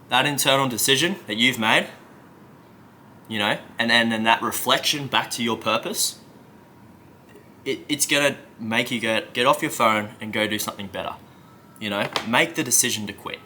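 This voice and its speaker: A man speaking as a self-help coach, with a very bright, sharp tone and a somewhat low pitch. He talks emphatically and conversationally, and often checks in with the listener. Faint room ambience sits behind him. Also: a little hiss or hum. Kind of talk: motivational coaching talk.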